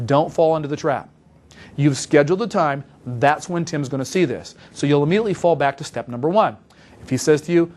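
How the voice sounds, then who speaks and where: Man teaching phone invites, emphatic and repeats himself, talks fast, voice a bit high. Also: animated, a little mellow. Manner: emphatic, repetitive coaching. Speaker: sales trainer. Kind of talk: instructional talk.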